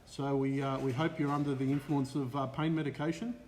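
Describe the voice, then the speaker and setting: A man's voice: medium pitch, brisk, big-room sound. An Australian man co-hosting a casual live stream, greeting viewers by name with lots of "uh" fillers. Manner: lively, reels off viewer names with many "uh" fillers. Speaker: co-host of a live racing stream.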